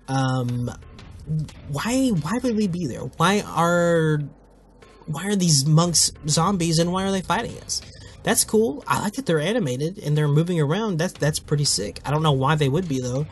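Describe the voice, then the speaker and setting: A man's voice: a little high, slight background noise. A man hosting a casual video commentary who rambles, swears freely and often cuts himself off mid-thought. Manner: rambling, profane, self-interrupting. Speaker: host.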